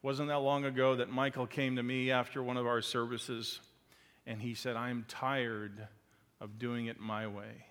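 Male preacher, impassioned sermon delivery, rising to loud peaks and falling quiet, in a reverberant hall. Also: medium pitch, flat delivery, a little slow.

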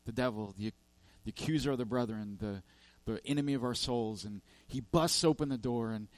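A man's voice: medium pitch, brisk, dry recording. A man preaching a sermon, telling a parable with emphatic, repetitive lists and frequent restarts. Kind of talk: sermon storytelling.

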